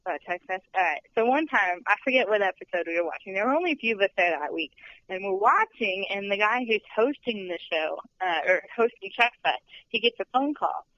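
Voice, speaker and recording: A woman's voice: medium pitch, expressive, a little fast, a little hiss or hum. A young woman working as a studio tour guide, chatting in a podcast interview in a bubbly way and laughing often. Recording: dull lo-fi podcast audio.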